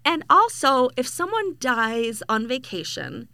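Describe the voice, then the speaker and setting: A woman's voice: high-pitched, big pitch swings, measured pace, pushed and bright, no echo. A woman co-hosting a podcast, asking rambling curious questions in casual chat. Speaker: podcast co-host.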